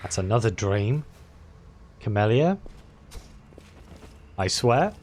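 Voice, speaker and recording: A man hosting a let's-play, reading game text aloud with animated delivery. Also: on the low side, slow pace, slight background noise.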